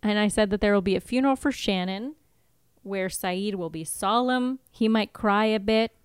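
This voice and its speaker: A woman's voice: mid-range voice, normal speed, smooth, dry recording, clean studio sound. A woman co-hosting a podcast in casual chat, playful and blunt, swearing now and then. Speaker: podcast co-host.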